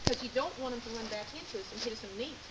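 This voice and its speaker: Out in a field, a woman with a fairly high voice teaches a sheepdog handling lesson at a racing pace. The recording is very noisy. As an instructor, she coaches hands-on in a folksy, direct manner and gives short commands.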